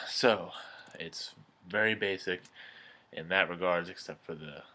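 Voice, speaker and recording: A man in his twenties, a student reciting a poem and then analyzing it in a relaxed, chatty way with frequent ums. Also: low voice, slow pace, vocal fry. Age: 20s.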